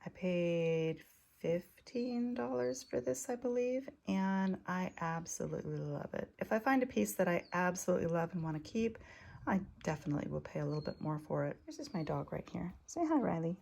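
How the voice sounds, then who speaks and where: A woman talking casually in a vlog, showing off vintage jewelry finds with enthusiasm and sometimes dropping to a soft near-whisper. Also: fairly low pitch, lively intonation, moderate pace, vocal fry. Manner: chatty, enthusiastic, drops to soft near-whispers over delicate pieces. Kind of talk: casual show-and-tell vlog.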